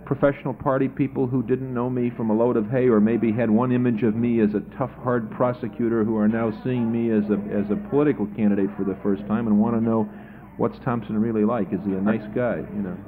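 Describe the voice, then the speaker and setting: A man's voice: mid-range voice, little pitch movement, quick pace, hardly any pauses, phone-quality sound, slight background noise. A man running for office answers a radio interviewer in a chatty, anecdotal way, sounding tired and often repeating his first words. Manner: chatty storyteller, repeats words when starting sentences. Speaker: political candidate.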